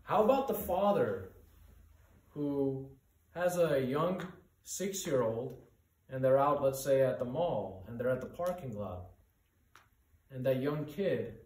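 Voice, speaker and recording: A man's voice: mid-range voice, a little mellow, far from the mic. A male pastor preaching a sermon with urgent, earnest rhetorical questions. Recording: echoey room, voice from off-mic.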